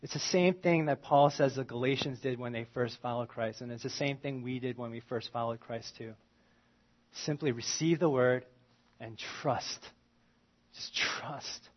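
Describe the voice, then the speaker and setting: A man preaching a sermon in a conversational, animated way, swinging from loud emphasis to quiet asides. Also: mid-range voice, moderate pace, dull audio. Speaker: pastor.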